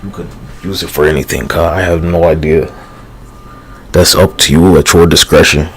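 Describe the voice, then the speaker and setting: A man's voice: low-pitched, steady tone, moderate pace, fairly bright tone. A man rambling through a livestream monologue, profane and slangy, drifting between thoughts with sighs and fillers.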